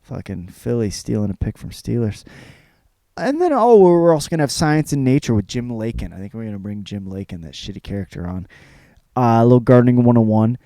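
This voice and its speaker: A man's voice: medium pitch, sing-song, fairly quick, dark tone, dry recording. A man hosting a comedic podcast, rambling and self-mocking with casual swearing. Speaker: podcast host.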